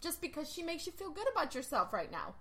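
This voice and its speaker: A woman's voice: high-pitched, big pitch swings, fast talker, fairly bright tone. A woman hosting a podcast, chatting casually in a blunt, emphatic way and swearing freely. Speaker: podcast host; life coach.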